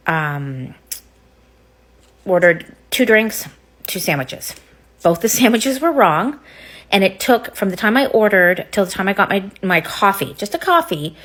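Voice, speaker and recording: A woman's voice: on the low side, fairly bright tone. Frustrated woman airing a complaint. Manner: frustrated, halting, with fillers. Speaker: customer. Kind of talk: casual complaint vlog.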